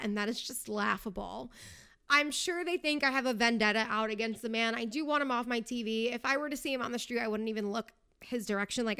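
A woman's voice: on the high side, sharp tone, clear, resonant tone. A young woman hosting her own podcast, chatting casually in a sarcastic, tongue-in-cheek way. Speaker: podcast host. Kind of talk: casual solo podcast chat.

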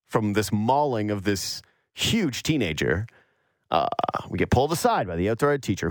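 Male sports-talk host from the Yukon, lively pitch, dry close studio sound, storyteller who mocks whiny voices. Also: no echo. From Yukon, Canada. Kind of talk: storytelling monologue.

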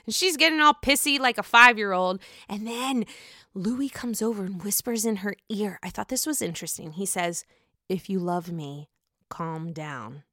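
A woman casually recapping a reality show reunion for her vlog, gossipy and profane, with animated reactions. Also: mid-range voice, moderate pace, dry recording, studio quality.

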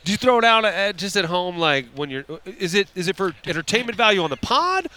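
Male guest, lively pitch, bright tone, animated storyteller, casual and profane. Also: a little fast. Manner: animated storyteller, swears freely. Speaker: podcast guest. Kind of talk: casual chat.

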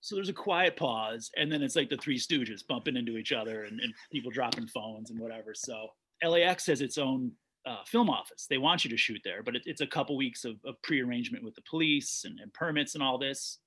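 A man's voice: mid-range voice, a little fast, hardly any pauses, bright, forceful tone, breathy edge. A man, a documentary director, telling stories in a casual interview, rambling with frequent restarts.

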